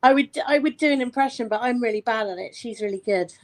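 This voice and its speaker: A woman's voice: a little high, fast. A woman in casual chat, giggly and self-deprecating.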